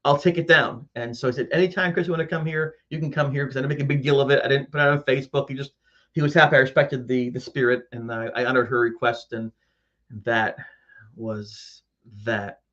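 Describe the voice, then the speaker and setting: In a brisk, mid-range voice, a man hosts a live audience and recounts a ghost story from his own life. He's an animated storyteller who acts out his own scared voice, though the audio sounds dull.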